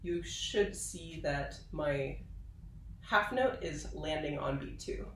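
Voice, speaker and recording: A woman viola professor giving a patient, explanatory instrumental tutorial, pausing now and then with fillers. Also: low voice, echoey room, recorded from a distance, over loud music, low-quality recording. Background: viola playing.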